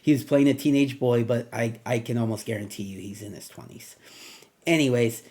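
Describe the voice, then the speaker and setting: A man reviews a film alone in an easygoing, rambling way. He thinks aloud, trails into asides and fills pauses with ums. His voice sits at an ordinary middle pitch. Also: a little mellow. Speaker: movie reviewer. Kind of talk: casual solo review.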